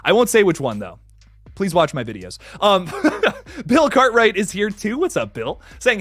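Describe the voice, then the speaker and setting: A man's voice: high-pitched, huge pitch swings, normal speed, a bit bright, no echo, soft background music. A young man hosting a casual live stream, greeting chatters with hype and swearing casually. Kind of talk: casual live stream chat, reading comments.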